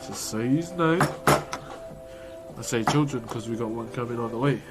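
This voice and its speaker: A man's voice: mid-range voice, normal speed, over loud music. A young man with a New Zealand accent chatting casually while streaming, joking, swearing and laughing often as he carves wood. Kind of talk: casual live-stream chat.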